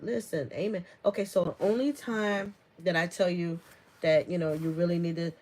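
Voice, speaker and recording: A woman's voice: on the low side, fairly even intonation, moderate pace, a little mellow, rough recording. Chatty woman hosting a live stream. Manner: chatty, laughs often, many fillers; reads viewer comments aloud and answers them. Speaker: herbalist host of a live stream. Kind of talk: casual live-stream chat.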